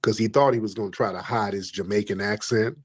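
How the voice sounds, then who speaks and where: A man's voice: on the low side, quick pace, slightly rough, no echo. A man hosting a call-in livestream, preachy and emphatic, repeating his points. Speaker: livestream host. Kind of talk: combative call-in livestream talk.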